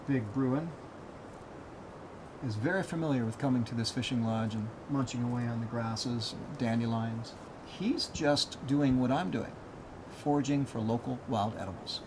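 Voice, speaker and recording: A man outdoors by a fishing lodge, speaking in a calm, steady voice as a show host. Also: gravelly. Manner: calm, low-key, steady. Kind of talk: calm narration to camera. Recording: noisy outdoor recording.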